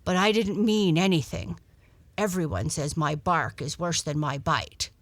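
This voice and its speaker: A woman doing a blustery, gruff old dog. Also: low-pitched, unhurried, no echo. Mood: hearty. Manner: hearty, blustery. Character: gruff male dog, cross at first but kindly.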